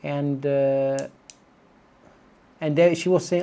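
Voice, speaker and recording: A man from Italy with an Italian accent, a native Italian speaker, ranting to camera in a casual vlog from his home kitchen, animated and exasperated with many restarts. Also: mid-range voice, normal speed, vocal fry, pauses often. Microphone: camera on small tripod.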